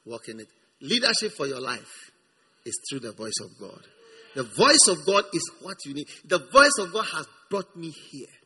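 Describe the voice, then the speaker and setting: A man preaching a sermon with emphasis, repeating words and swinging from hushed reading to shouted lines. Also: fairly high pitch, very animated, moderate pace, slightly rough. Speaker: pastor.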